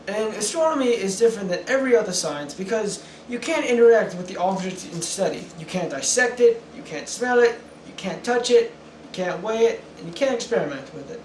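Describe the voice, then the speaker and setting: A man's voice: sits high, animated, brisk, echoey room, distant mic, a little hiss or hum, rough recording. A young man playing a British astronomer in an amateur skit, earnest and stumbling over his words. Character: pompous British male astronomer being interviewed. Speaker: interviewee in a school project skit.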